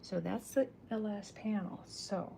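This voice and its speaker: Middle-aged woman, soft-spoken ASMR chatter, mellow and a bit gravelly, rambles into whispers. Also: mid-range voice, unhurried, slight background noise. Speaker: artist streaming while drawing comics.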